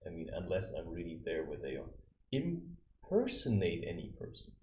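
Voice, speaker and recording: A man with a fairly low voice talks through life advice in a loose, wandering monologue. He tells stories and acts out what other people said. The sound is roomy, with a clear echo around him. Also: very animated, moderate pace, slight background noise. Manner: rambling, anecdotal, with acted quotes. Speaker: self-styled spiritual adviser. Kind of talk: casual monologue.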